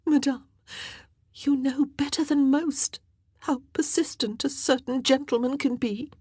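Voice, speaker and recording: A woman voicing a young noblewoman lady-in-waiting, pleading and tearful, in a high, breathless voice for an audiobook. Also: steady tone, measured pace, darkish tone, no room sound, clean studio sound.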